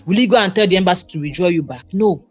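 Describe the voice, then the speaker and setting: A woman on a debate panel lays out her argument step by step in a lowish voice. She often checks whether the listener follows her. Faint music runs in the background. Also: very fast, husky, muffled recording. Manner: explains step by step, checks if understood.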